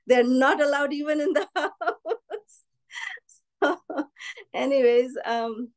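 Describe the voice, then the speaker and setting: High-voiced woman telling a story. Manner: anecdotal, quotes others with lively voices. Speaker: devotee sharing memories. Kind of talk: personal storytelling talk.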